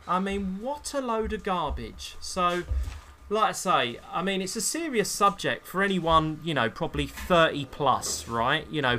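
A man's voice: a little high, pushed and bright. A man, a hairdresser co-hosting a podcast, ranting in an opinionated, scornful way. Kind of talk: casual chat.

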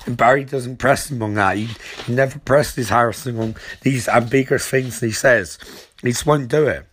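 A man's voice: medium pitch, normal speed, a bit bright, slight background noise. Rambling, sarcastic man recapping a show. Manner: rambling, stammering, swearing, sarcastic. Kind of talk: comic episode recap.

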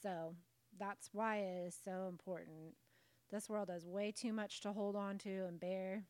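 A middle-aged woman co-hosting a casual faith-based chat who speaks earnestly and encouragingly, laughing warmly now and then. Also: medium pitch, steady tone, measured pace, dry recording. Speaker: podcast co-host.

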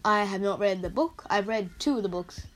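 A young woman with a croaky voice, rambling in a casual vlog about her favourite movies and correcting herself often. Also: mid-range voice, normal speed. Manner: rambling, chatty, self-correcting. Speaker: vlogger. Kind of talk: casual movie countdown chat.

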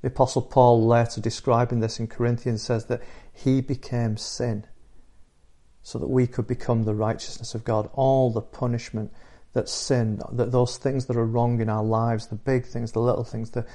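Low, flat-voiced earnest male preacher. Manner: earnest, measured storytelling with pauses. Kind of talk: sermon retelling the Easter story.

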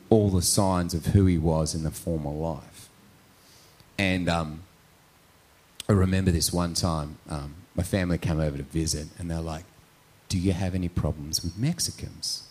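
Deep-voiced preacher man. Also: a little mellow. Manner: storytelling, frequent "right?" tags. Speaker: pastor. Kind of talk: conversational sermon.

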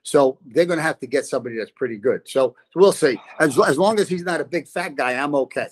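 A man's voice: a little high, quick pace. An older man, a football coach, telling stories as a podcast guest and laughing often. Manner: lively storyteller, laughs often. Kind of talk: casual podcast chat.

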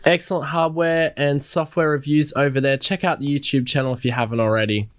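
A man's voice: on the high side, steady tone, fairly quick, clear, resonant tone, no room sound. Upbeat man hosting a podcast. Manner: upbeat and enthusiastic. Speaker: podcast host. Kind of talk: casual podcast chat.

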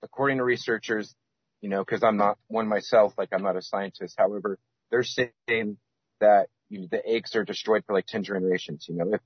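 A man's voice: fairly low pitch, steady tone, fairly quick, slightly rough, no room sound. A man as a podcast guest, rambling with many restarts and fillers. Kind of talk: casual podcast interview. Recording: dull lo-fi sound.

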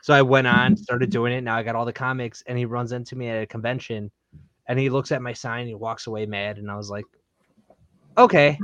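A man's voice: medium pitch, fast, no echo, lo-fi sound. A man who creates comics, telling a convention story in casual podcast chat, acting out what people said and laughing often. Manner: animated storyteller, quotes others, laughs often.

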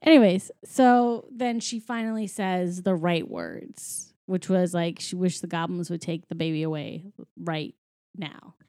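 A woman chatting casually on a podcast, retelling movie scenes and slipping into quick quoted voices. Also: lowish voice, steady tone, a little mellow, dry recording, studio quality. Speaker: podcast co-host recapping a film. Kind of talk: casual chat.

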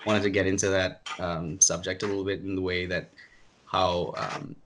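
A man's voice: low-pitched, steady tone, moderate pace, creaky, background noise. Dry, ironic man from Asia. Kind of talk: casual chat.

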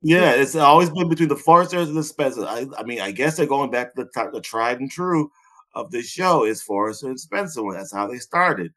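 A man in casual podcast chat, blunt and sweary, with sarcastic asides and frequent laughter. His voice sits at an ordinary middle pitch, and he rants freely rather than reading a script. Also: expressive, brisk, pushed and bright. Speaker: podcast co-host.

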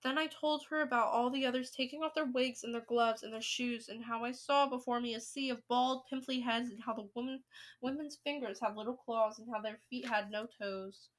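A woman reading a children's book aloud, with steady, expressive storytelling. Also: fairly high pitch, fairly quick.

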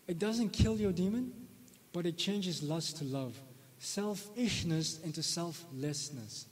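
A man's voice: on the high side, darkish tone, breathy edge. A man giving a live sermon to a group as a spiritual teacher, tagging his phrases with a questioning "no?". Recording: long reverb of a hall.

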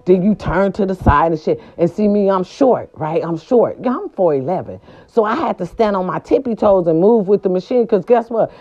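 A woman's voice: lowish voice, lively intonation, moderate pace, hardly any pauses, muffled recording. A woman telling a story in a casual vlog, blunt and profane, talking straight to her viewers.

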